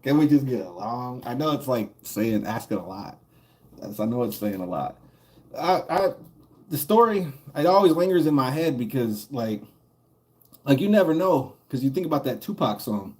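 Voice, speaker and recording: A man's voice: mid-range voice, sing-song, moderate pace, a little mellow. A man streaming a game and telling a long, rambling story in casual chat. He swears a lot and often chuckles as he talks. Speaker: gaming streamer.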